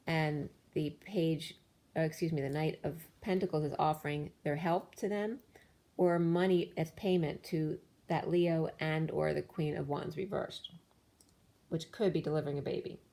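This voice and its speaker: Tarot reader, woman, fairly low and mellow, voice going hoarse, meandering read-through of cards. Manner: rambling, listing cards with many restarts. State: losing her voice. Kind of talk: tarot card reading.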